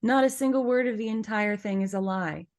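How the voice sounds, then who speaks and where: A woman's voice: medium pitch, a little fast. A woman co-hosting a podcast in casual talk, firm and supportive in manner. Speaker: podcast co-host.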